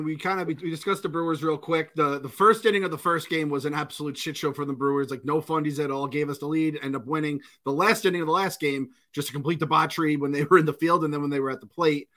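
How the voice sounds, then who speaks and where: A man's voice: on the high side, a bit bright. A man co-hosting a podcast, chatting bluntly about baseball and swearing casually. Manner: quick, blunt, profane. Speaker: podcast co-host. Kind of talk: casual sports chat.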